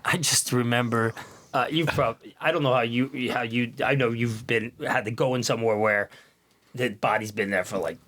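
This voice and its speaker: A man's voice: medium pitch, steady tone, normal speed, fairly bright tone. A man in his fifties, a former officer, telling profane and rambling stories with lots of laughter in a casual podcast chat. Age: 50s.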